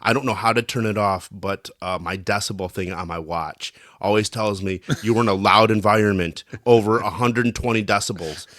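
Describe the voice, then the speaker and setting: A man co-hosting a casual podcast, telling joking stories with sudden loud bursts when he quotes himself. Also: on the low side, fairly quick, few pauses, no echo, clean studio sound. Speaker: podcast co-host. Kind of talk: casual storytelling chat.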